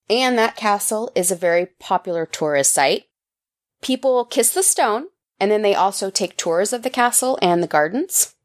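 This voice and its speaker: A woman co-hosting a podcast, casually summarizing articles in a playful way and laughing often. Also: medium pitch. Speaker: podcast co-host.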